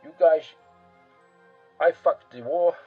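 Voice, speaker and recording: A man's voice: on the high side, slow pace, phone-quality sound, soft background music. A man voicing a crude, panicking male dictator handing over command, in a blunt, profane, casual way.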